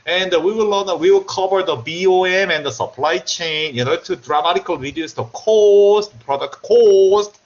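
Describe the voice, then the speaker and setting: Male lecturer, Korean accent, highish voice, lively jokey delivery, dull lo-fi online class sound. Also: moderate pace, hardly any pauses. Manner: joking, animated, repeats himself. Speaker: university lecturer. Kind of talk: remote university lecture.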